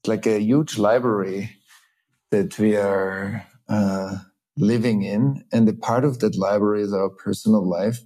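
A man with a low, warm, mellow voice talks in a reflective conversation. He thinks aloud, pausing on fillers and circling back to restart his sentences. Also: steady tone. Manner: thoughtful, halting, many restarts and fillers. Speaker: host.

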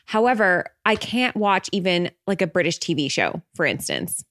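Woman, podcast host, fairly low voice, chatty and animated, dry close sound. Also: dry recording. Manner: chatty, animated, interrupts with quick asides. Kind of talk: casual interview chat.

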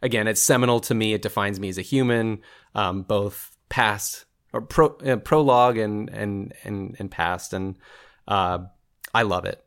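A man's voice: fairly low pitch, measured pace, fairly bright tone, clean tone. A man in his thirties talking as a guest on a podcast, enthusiastic and laughing often. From Southern California. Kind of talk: casual interview chat.

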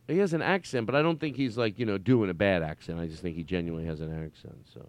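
A man's voice: sits low, quick pace, few pauses, no echo. A man hosting a podcast in casual comedic chat, playful and rambling as he teases his guest. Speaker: podcast host.

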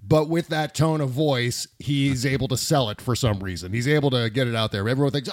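A man's voice: mid-range voice, brisk, hardly any pauses, no echo, clean studio sound. Wry man co-hosting political talk. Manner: wry, loose and conversational. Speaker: podcast co-host. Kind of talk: casual political chat.

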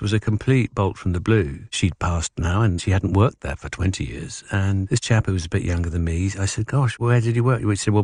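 Low-voiced man telling anecdotes. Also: a little mellow, no room sound, studio quality. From United Kingdom. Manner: anecdotal, acts out the voices of people he quotes. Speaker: guest, actor and author. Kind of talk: storytelling interview answers.

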